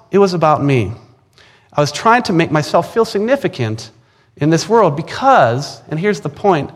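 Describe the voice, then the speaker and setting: A man in his forties with an Upper Midwest American accent delivers a personal testimony sermon. His voice sits a little high for a man. He is earnest and emphatic, doubling up words when he drives a point home. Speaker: preacher.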